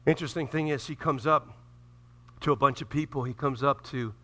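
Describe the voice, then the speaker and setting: A man preaching a sermon as pastor, swinging between loud emphatic passages and hushed near-whispers, repeating phrases for emphasis. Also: medium pitch, brisk.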